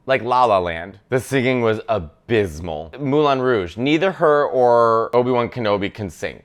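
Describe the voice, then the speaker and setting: Animated man ranting through a reaction video. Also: medium pitch, smooth. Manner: animated, opinionated rants with frequent asides and swearing. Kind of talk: casual comedic commentary.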